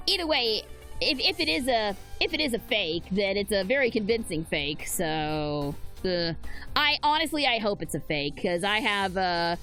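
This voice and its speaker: A woman's voice: medium pitch, a bit bright. A woman streamer giving chatty, rambling game commentary.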